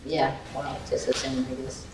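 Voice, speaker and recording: A woman spiritual teacher giving a talk to an audience, chatty and lively, laughing often, with loose non-native grammar. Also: moderate pace. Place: gathering hall with audience. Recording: echoey archive recording from a distant mic with background noise.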